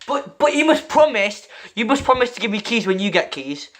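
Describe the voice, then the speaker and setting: High-voiced excitable guy. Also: a little fast. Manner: excitable, stammering, repeats himself. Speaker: gamer opening loot crates. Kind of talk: excitable gaming commentary, chatting with a friend.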